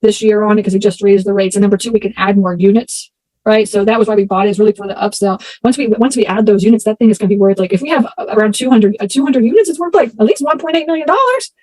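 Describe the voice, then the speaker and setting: A woman from Texas, in her thirties, telling stories as an interview guest in a chatty, animated way. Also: medium pitch, rapid-fire, no echo, low-quality recording. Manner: chatty, animated, acts out voices in anecdotes. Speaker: interview guest, storage investor. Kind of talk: casual interview storytelling.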